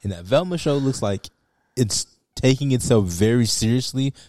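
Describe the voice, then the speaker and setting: A man's voice: medium pitch, expressive, moderate pace, a little mellow, dry recording, clean studio sound. A young man co-hosting a casual reaction chat, chatty and opinionated, laughing easily. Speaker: co-host.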